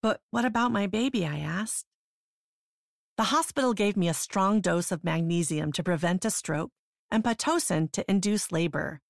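A woman narrating her own memoir in the first person, in a measured, sober way. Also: fairly low pitch, gravelly, no echo, studio quality.

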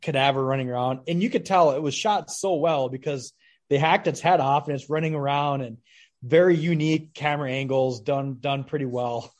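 A man's voice: mid-range voice, brisk. A man, a podcast guest, chatting casually about a horror film with crude jokes. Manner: crude, joking. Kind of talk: casual movie chat.

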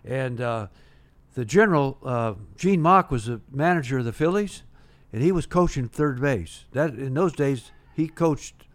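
An older man, a retired pitcher, telling long anecdotes in a casual interview, with many restarts and "uh" fillers. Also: animated, unhurried.

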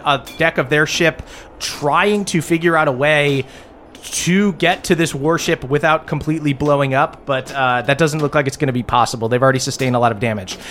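A man's voice: a little high, a little fast, fairly bright tone, a little hiss or hum. A man narrating a tabletop game as game master, descriptive and using many filler words.

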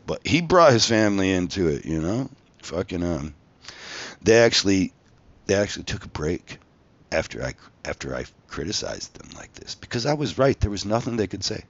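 A man's voice: sits low, very animated, a little fast, dry recording. A man telling a story about his time as a tattoo artist on a show, in an angry rant full of swearing. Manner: angry, profane, emphatic. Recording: dull lo-fi recording.

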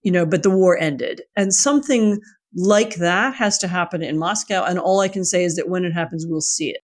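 A woman guest answering interview questions in a measured, thoughtful way, with many 'you know' fillers. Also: on the low side. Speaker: guest, writer.

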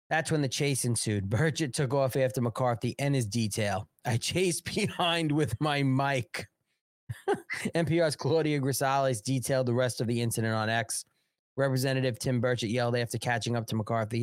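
A man's voice: medium pitch, moderate pace, dry recording. Man, live political show host, crude mocking commentary, dry close sound. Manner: crude, mocking, swearing and laughing.

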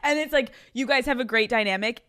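A woman's voice: on the high side, quick pace, pushed and bright, smooth. A woman hosting a podcast interview, blunt and casual, swearing freely. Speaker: podcast host.

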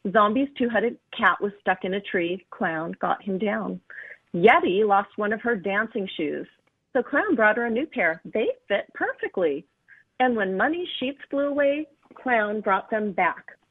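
A woman's voice: medium pitch, expressive, measured pace, breathy edge, no room sound. Woman author on a tinny phone line. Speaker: children's book author, guest. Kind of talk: storybook reading and interview.

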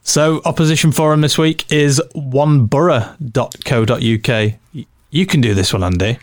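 A man hosting a casual football podcast, running through stats and fixtures in a brisk way. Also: mid-range voice, no room sound, studio quality. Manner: reads out match stats briskly. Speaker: podcast host.

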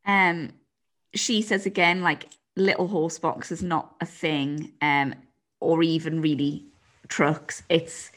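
A woman's voice: low-pitched, steady tone, slow pace, a bit bright. Laid-back woman host, teasing chat. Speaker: podcast host. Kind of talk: casual chat, reading listener messages.

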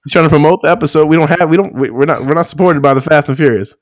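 A man's voice: on the high side, rapid-fire, slight background noise. A man on a podcast telling stories in casual chat, swearing and laughing often. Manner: loose, profane, laughs often, acts out quotes.

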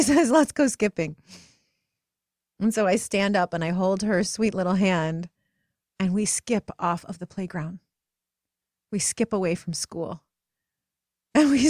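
Gentle woman host, soft whispers. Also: medium pitch, dry recording, studio quality. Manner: gentle, slows to soft whispers at tender moments. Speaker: podcast host and coach. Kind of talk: guided reflective talk.

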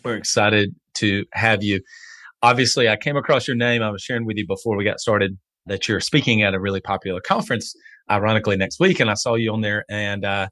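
A man's voice: fairly low pitch, sharp tone, no echo. A man hosting a podcast interview, talking. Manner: conversational, reads ad copy briskly. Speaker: podcast host.

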